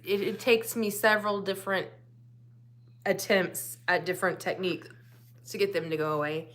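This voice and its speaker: Woman co-host, bright tone, relaxed and brief in casual chat. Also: medium pitch, normal speed. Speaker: livestream co-host.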